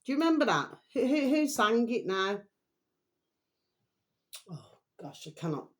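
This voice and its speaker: A woman's voice: on the high side, very animated, measured pace. A middle-aged woman, chatting unrehearsed to camera in a rambling, meandering way. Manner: rambling, keeps repeating a pet phrase to viewers. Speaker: vlogger. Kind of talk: casual unrehearsed chat to camera.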